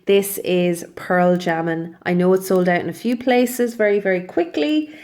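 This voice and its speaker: Woman, young adult, slightly low pitch, casual review vlog, chatty, rambles and self-corrects. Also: normal speed, a little mellow. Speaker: nail polish reviewer.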